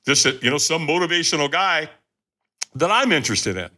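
A man who is a podcast guest, telling a story in an animated, emphatic way and often addressing his listeners directly. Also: on the high side, a little fast.

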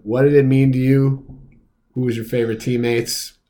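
A man hosting a casual podcast, asking questions with enthusiasm and joking shout-outs. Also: medium pitch, level tone, normal speed. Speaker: podcast host.

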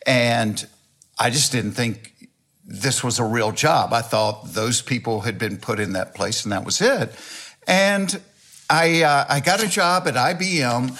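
A man's voice: mid-range voice, a little slow. An older man with a Southern US accent, telling folksy, self-mocking stories as a comedian guest in an interview. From Georgia, US. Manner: folksy, animated anecdotes with self-mocking humor. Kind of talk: storytelling interview chat.

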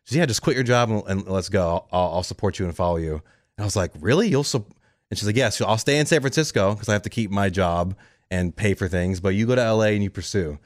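Fast-talking deep-voiced man telling his story. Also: no room sound, clean studio sound. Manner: fast, animated storytelling with quoted dialogue. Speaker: guest, radio producer. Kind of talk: casual interview storytelling.

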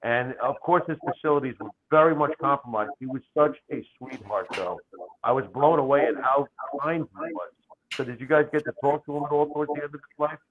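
A man's voice: medium pitch, fairly quick. A man hosting a casual podcast interview, asking friendly, curious questions. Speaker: podcast host. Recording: phone-like lo-fi line.

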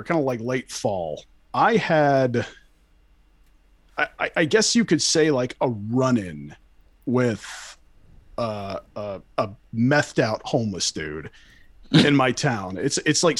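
A man's voice: medium pitch, dry recording. A young man telling a story casually to friends, rambling and profane, full of fillers and restarts. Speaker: storyteller guest.

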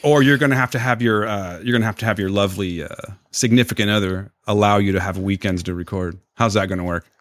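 A man's voice: on the low side, quick pace, few pauses, no room sound, clean studio sound. A man hosting a podcast, introducing guests with jokes in casual chat. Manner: joking, lively introductions. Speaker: podcast host.

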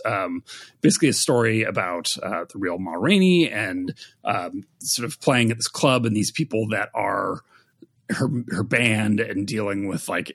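A man co-hosting a casual review podcast, chatty and wry, laughing often as he talks. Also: lowish voice. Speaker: podcast co-host.

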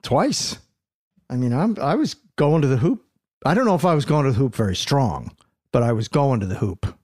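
A man co-hosting a podcast in casual chat, animated, tripping over restarts and reaching for sports slang. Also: mid-range voice, moderate pace, dry recording, clean studio sound. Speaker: podcast co-host.

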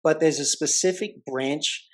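Unhurried and somewhat high in pitch, a man hosts a podcast and tells a story in an easygoing way. He plays the people in it, animatedly acting out their voices.

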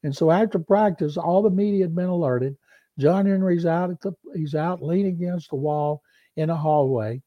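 A man telling a long sports anecdote on a podcast, animated and acting out the quoted voices. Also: a little high, normal speed, no echo, lo-fi sound. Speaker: beat reporter and co-host.

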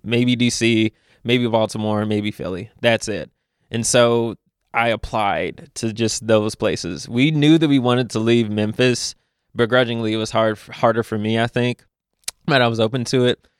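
A young man from Louisville, a podcast guest, telling animated stories in casual conversation with frequent laughs. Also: medium pitch, clear, resonant tone, no echo, clean studio sound. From Louisville, Kentucky. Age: young adult. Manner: animated storyteller, laughs often, quick asides.

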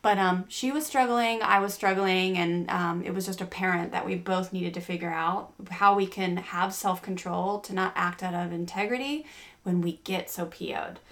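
A woman's voice: fairly low pitch, moderate pace, fairly bright tone. A middle-aged woman hosting a parenting podcast, telling a family story in a chatty way with many fillers and restarts. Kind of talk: casual podcast chat.

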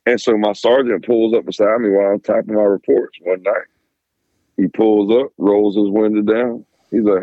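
A middle-aged man, a former police officer, telling stories casually in a podcast interview, animated and cursing freely. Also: fairly low pitch, normal speed, no room sound, narrow, tinny audio. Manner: animated, swears freely, acts out quoted voices.

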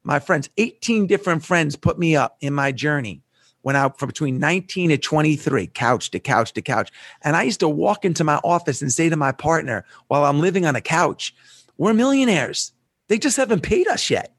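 A man's voice: on the high side, a little fast, dry recording, clean studio sound. A man telling a story as a podcast guest, acting out the dialogue with animation. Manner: animated storyteller who acts out quoted dialogue.

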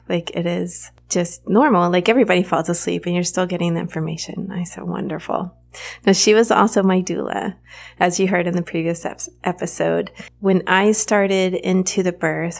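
A woman in her thirties hosting a podcast, telling a personal story in a candid, animated way with frequent fillers. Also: fairly low pitch, gravelly. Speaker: podcast host.

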